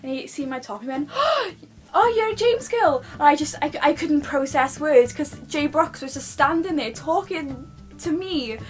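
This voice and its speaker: A young British vlogger tells a personal story to her camera at home, gushing and rambling with plenty of restarts. She speaks at a normal speed in a high voice, with soft music in the background.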